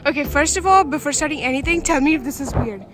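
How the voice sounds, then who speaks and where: A young woman with a high, light voice talks casually to her viewers in a student vlog. She sounds chatty and upbeat, and music plays behind her. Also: fast talker. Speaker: student vlogger.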